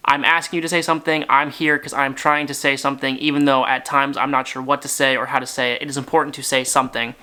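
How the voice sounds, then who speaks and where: A man's voice: on the high side, sharp tone. A young man hosting his channel, making an earnest direct-to-camera appeal to his viewers, speaking sincerely and emphatically in strings of short phrases. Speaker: YouTube channel host.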